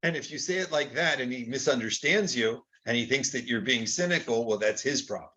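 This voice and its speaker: A man's voice: medium pitch, fairly quick, bright, forceful tone. An older man teaching Torah in an informal, conversational lecture, often acting out quoted exchanges with rhetorical rises.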